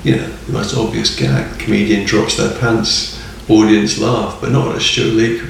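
Man, gravelly voice, rambling podcast chat, echoey room, distant mic, faint ambience. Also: lowish voice, fairly even intonation, normal speed, slight background noise. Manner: rambling, enthusiastic, chuckles often. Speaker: guest.

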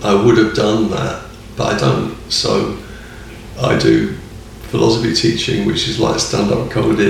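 A man's voice: medium pitch, very animated, takes it slowly, vocal fry, long pauses, recorded from a distance, a little hiss or hum. A man chatting casually as a podcast guest, rambling and enthusiastic and chuckling often. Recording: echoey room, off mic.

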